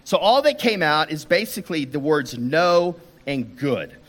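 A man's voice: fairly high pitch, big pitch swings, a little slow, fairly bright tone. A man giving a sermon to a church audience, telling a personal story in a conversational way, often restarting his sentences. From United States. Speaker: preacher.

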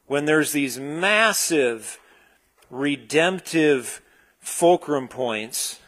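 Male pastor, fairly high voice, casual sermon delivery full of uhs and restarts. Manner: relaxed, searching, with frequent fillers and restarts. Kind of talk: conversational sermon.

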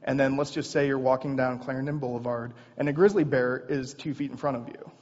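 A man's voice: mid-range voice, steady tone, fairly quick, darkish tone. A man preaching a sermon in an earnest, conversational way with casual asides. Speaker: pastor. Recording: dull sound in a long-reverb hall.

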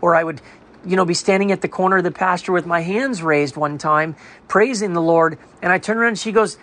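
A man's voice: high-pitched, a little fast, fairly bright tone. A man who runs an online ministry, sharing a personal testimony in an earnest, storytelling way and often acting out other people's voices.

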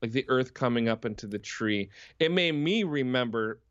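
A man's voice: medium pitch, lively intonation, normal speed, a bit bright, clean tone, dry recording. A man co-hosting a podcast, talking casually and enthusiastically about a film, swearing freely. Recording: dull, dry, lo-fi sound.

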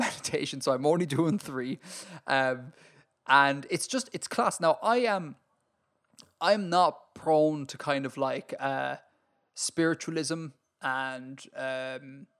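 An Irish man co-hosting a podcast in casual chat, talking in an animated, ranting way and laughing often. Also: mid-range voice, slow, gravelly. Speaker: podcast co-host.

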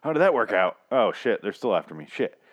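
A man's voice: lowish voice, very animated, brisk. A man co-hosting a casual movie-review podcast, swearing freely, rambling and laughing often. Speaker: podcast co-host.

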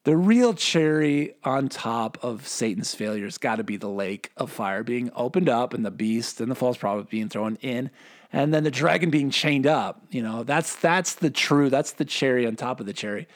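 A man's voice: medium pitch, lively intonation, normal speed. A man giving a casual Bible teaching in a rambling, joking way, correcting himself often and asking rhetorical questions.

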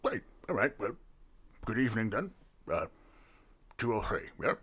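A man voicing a quiet male barkeep who talks hesitantly with lots of fillers. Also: on the low side, sing-song, normal speed, breathy edge, heavily acted. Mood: subdued. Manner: hesitant, mumbling, filler-heavy.

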